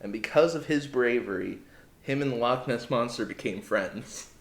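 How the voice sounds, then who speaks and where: A man's voice: mid-range voice, normal speed, creaky, echoey room. A man co-hosting a podcast, recapping a wrestling show in blunt, sarcastic casual chat. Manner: sarcastic, blunt storyteller, swears. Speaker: podcast co-host.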